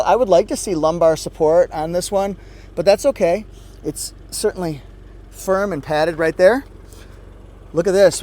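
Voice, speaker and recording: A fairly high-voiced man talks through a car review from the driver's seat of a parked car. He's upbeat and playful, throwing in goofy little sound effects as he goes. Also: dark tone. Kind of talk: casual car review walkthrough. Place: inside a parked car with the engine and air running.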